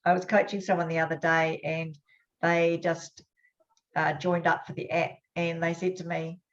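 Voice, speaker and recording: A woman's voice: fairly low pitch, flat delivery. A woman hosting a webinar as a hypnosis trainer, talking in an upbeat, chatty way. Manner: upbeat, chatty, quick bursts. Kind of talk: casual webinar talk. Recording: dull lo-fi webinar audio.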